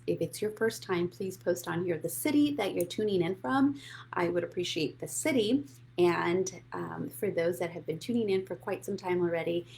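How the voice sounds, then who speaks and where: A woman's voice: on the low side, vocal fry, slight background noise. A woman hosting a casual live money show, bubbly and greeting viewers by name. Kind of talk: casual live-stream chat.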